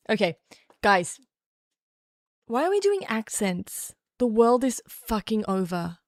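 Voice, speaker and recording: A woman's voice: fairly high pitch, sing-song, slow, long pauses, no echo. Young woman streamer, sarcastic rambling chat, dry close-mic sound. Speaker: livestream host. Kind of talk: casual livestream chat.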